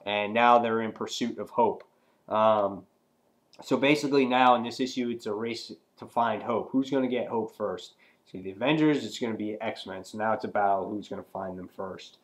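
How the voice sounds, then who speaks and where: A man casually reviewing a comic book, rambling and filling pauses with "um" and "you know". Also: fairly low pitch.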